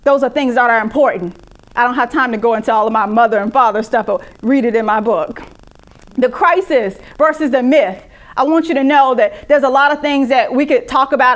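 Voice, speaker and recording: High-voiced woman giving relationship advice. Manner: direct, instructive, repeats key points with "okay?". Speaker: podcast host and relationship coach. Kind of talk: advice talk to listeners.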